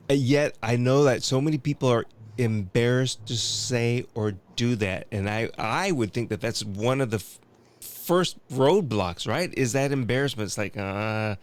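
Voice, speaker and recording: Male host, mid-range voice, casual, thinks aloud while asking. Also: medium pitch. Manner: thoughtful, restarts while framing questions. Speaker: podcast host. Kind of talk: casual interview chat.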